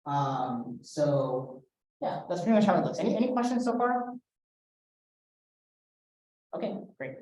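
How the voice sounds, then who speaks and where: Young woman instructor, halting delivery full of fillers, warm tone, recorded from a distance in a lecture room. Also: on the low side, very animated. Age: young adult. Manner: hesitant, many fillers and restarts. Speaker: workshop instructor. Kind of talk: casual classroom lecture. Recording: roomy echo, voice from afar.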